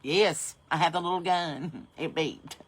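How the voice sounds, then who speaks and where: A woman's voice: low-pitched, unhurried, breathy edge. A middle-aged woman with a Southern US accent, hosting a podcast and telling brash, profane, rambling comic stories. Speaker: podcast host. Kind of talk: comedic storytelling monologue.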